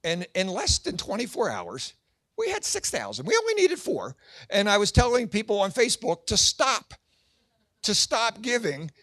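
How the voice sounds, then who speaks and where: Middle-aged male comic-preacher, lively storytelling, fairly high voice, dry close sound. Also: moderate pace, no echo. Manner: animated storyteller acting out quoted voices. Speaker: Christian comedian and pastor. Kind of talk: storytelling speech at a fundraising gala.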